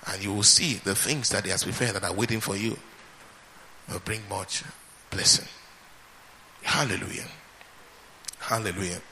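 A man preaching a sermon, emphatic and repeating his phrases, swinging between loud and soft. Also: fairly low pitch, moderate pace, pauses often, slight background noise. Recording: reverberant hall with faint ambience.

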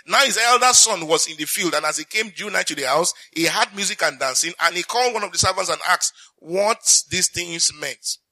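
A male preacher with a bright, ringing voice, delivering a sermon with emphatic repetition and questions thrown out to his listeners. He pitches a little higher than most men. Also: expressive, fast, few pauses. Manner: emphatic, repeats lines for effect, reads scripture aloud; asks the congregation questions.

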